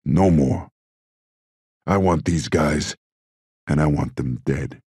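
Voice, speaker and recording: A man voicing an older male crime boss who is furious and erupts into shouting. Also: rumbling low, slow pace, slightly rough, no room sound, clean studio sound, exaggerated voice. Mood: raging. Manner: explosive, shouting in bursts.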